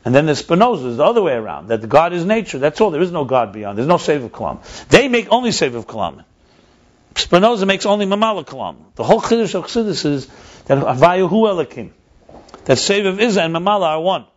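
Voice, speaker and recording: A man's voice: fairly high pitch, sing-song, fast talker. A man explaining ideas in a conversational teaching style, emphatic and repeating his key points. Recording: dull lo-fi recording.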